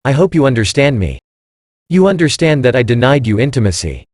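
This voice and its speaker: A man's voice: medium pitch, big pitch swings, a little fast, a little mellow, dry recording, studio quality. A man voicing an upset wife in a read-aloud story, earnest and pleading. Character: upset wife defending her husband.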